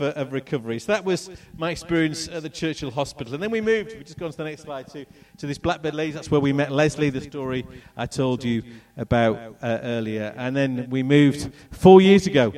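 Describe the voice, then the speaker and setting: A middle-aged man from England telling a personal testimony with slides, in an animated storytelling manner. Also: a little high, fairly quick, hardly any pauses, far from the mic. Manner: animated storytelling, acts out voices and moments. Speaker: speaker telling his testimony.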